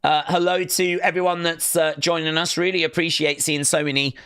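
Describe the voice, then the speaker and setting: A man's voice: a little high, little pitch movement, a little fast, bright, forceful tone, smooth, dry recording, studio quality. A man hosting a casual live watch-along stream, chatting loosely and reading viewer comments aloud.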